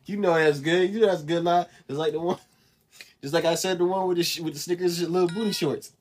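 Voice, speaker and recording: A man's voice: sits high, fairly even intonation, quick pace. A man co-hosting a casual chat, joking and slangy and often laughing.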